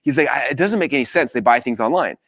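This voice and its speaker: Fast-talking energetic man telling a story. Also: mid-range voice. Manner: energetic storytelling, acting out quoted dialogue. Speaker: business coach. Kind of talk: live training talk.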